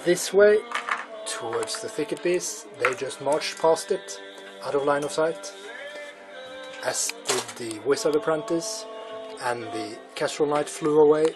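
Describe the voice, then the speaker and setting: A man with a slightly raised voice narrates a tabletop wargame battle report, recapping each turn step by step. Clear music plays underneath him throughout. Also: on the high side, measured pace, rough recording. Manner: recaps turns and questions his co-player.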